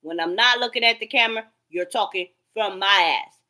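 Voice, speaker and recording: A woman's voice: medium pitch, a little fast, bright, forceful tone. A woman ranting straight to camera in a profane, rambling, heated way.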